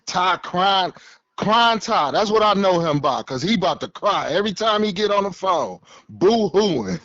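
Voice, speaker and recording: A man's voice: high-pitched, sing-song, moderate pace, a bit bright, no room sound, lo-fi sound. A male caller on a live sports call-in show, teasing and boasting in casual slang. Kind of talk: casual phone-in banter.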